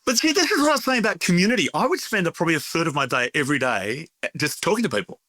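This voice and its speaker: In a dry recording, a middle-aged man from Australia, a bakery owner, talks as an interview guest with a slightly high, expressive, bright and forceful voice at a racing pace. Chatty and prone to storytelling, he keeps restarting his sentences and laughing during the conversational interview.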